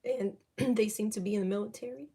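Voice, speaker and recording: A woman doing a live-streamed psychic reading, talking in a halting, emotional way as she thinks aloud. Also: mid-range voice, warm tone, slight background noise. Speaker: psychic reader.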